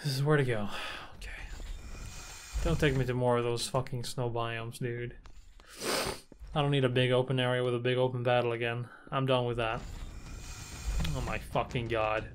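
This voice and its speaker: A man's voice: medium pitch, flat delivery, moderate pace, long pauses, slight background noise. A young man commentating his blind playthrough of a shooter game, frustrated, swearing and taunting the enemies on screen. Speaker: gaming video host. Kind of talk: blind let's play commentary.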